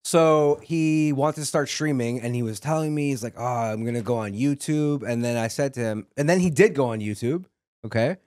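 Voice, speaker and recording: A man's voice: mid-range voice, normal speed, darkish tone, dry recording, studio quality. A man who is a chef and podcast guest, telling stories in casual, teasing chat. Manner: storytelling, teasing, swears casually.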